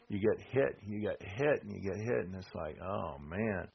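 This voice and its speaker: A man's voice: sits low, a little fast, gravelly, few pauses. A middle-aged man preaching conversationally, reading scripture aloud between rhetorical questions and asides to the congregation. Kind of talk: sermon with slides. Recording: dull lo-fi with faint noise.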